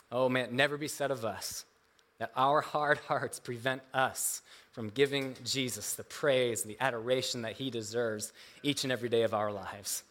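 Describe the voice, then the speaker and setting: A man's voice: mid-range voice, a bit bright. A man preaching a sermon, reading scripture and explaining it earnestly, with emphatic rises and frequent restarts. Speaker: pastor.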